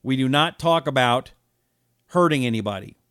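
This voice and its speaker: A man's voice: medium pitch, animated, moderate pace, clear, resonant tone, no room sound. Heated male talk host, dry close mic. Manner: heated and indignant, swings from hushed to loud. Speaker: political talk show host. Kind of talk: live talk show, reading viewer comments.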